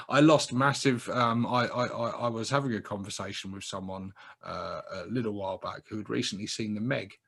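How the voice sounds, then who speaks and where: A man co-hosting a casual chat about films, animated, laughing often and swearing freely. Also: lowish voice, moderate pace, vocal fry, slightly rough. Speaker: podcast co-host.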